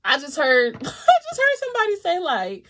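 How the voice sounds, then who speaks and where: A woman doing a live tarot reading, talking in a lively, casual way, swearing freely and laughing often. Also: sits high, brisk. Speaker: tarot reader.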